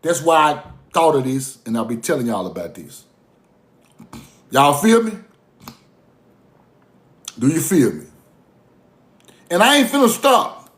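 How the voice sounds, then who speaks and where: A man's voice: a little high, measured pace, long pauses. A man holds forth in a loose, preachy monologue, his voice rising and dropping widely. He laughs often as he talks. The recording has a roomy echo. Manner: animated, preachy, swings between soft asides and raised bursts; laughs often while talking. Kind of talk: casual monologue.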